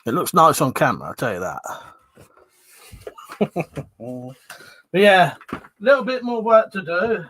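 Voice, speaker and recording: A man hosting a casual live stream, chatting and greeting viewers by name, with loud greetings and quieter mumbled asides. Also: fairly high pitch, big pitch swings, measured pace, long pauses, husky.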